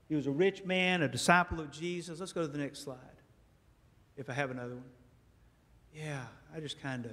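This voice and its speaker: A man preaching a sermon as a guest speaker, telling stories in a lively way and acting out dialogue in a church. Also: fairly high pitch. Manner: animated storytelling, acts out dialogue. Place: church sanctuary. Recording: echoey church hall.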